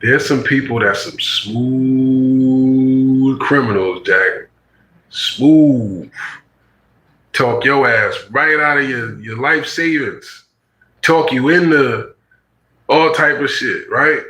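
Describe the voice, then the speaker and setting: Man, 40s, casual storyteller; animated, slangy delivery, bright tone, echoey room. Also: medium pitch, slow pace. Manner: animated, slangy, acts out quoted voices.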